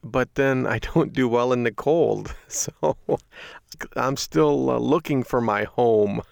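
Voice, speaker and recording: A man's voice: mid-range voice, slow pace, gravelly, darkish tone, dry recording. A middle-aged male host telling a casual folksy story, chuckling often as he talks. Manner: folksy storytelling with frequent laughs. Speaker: radio host. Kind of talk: casual chatty monologue.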